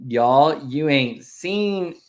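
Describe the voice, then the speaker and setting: A man from the United States co-hosts a casual family live stream. He is loud and excitable, and his pitch swings widely as he chats. He talks like a kid who is thrilled about everything. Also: very slow. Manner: loud, excitable, lively delivery.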